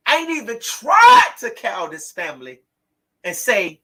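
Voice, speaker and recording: A woman's voice: fairly high pitch, wildly swooping pitch, unhurried, husky, poor audio. Angry, fiery woman talk host. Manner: fiery, preachy, swings into shouting. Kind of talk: impassioned live talk show.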